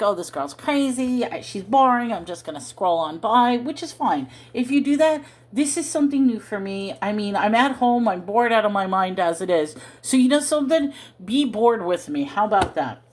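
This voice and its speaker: A woman hosting a casual livestream from home into her phone, rambling to viewers and chatting to her cat. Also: mid-range voice. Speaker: livestream host.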